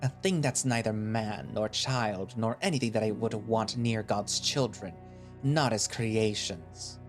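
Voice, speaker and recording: A man playing a cold, scornful male settlement leader who speaks slowly and condescendingly, with cutting remarks. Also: on the low side, faint music behind, close to an everyday voice. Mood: contemptuous.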